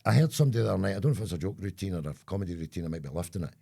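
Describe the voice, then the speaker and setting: A man's voice: deep voice, lively intonation, racing, vocal fry, dark tone, breathy edge. A Scottish man, the older co-host of a chat show, telling rambling stories and acting out voices along the way. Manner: rambling storyteller, acts out voices. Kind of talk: casual chat.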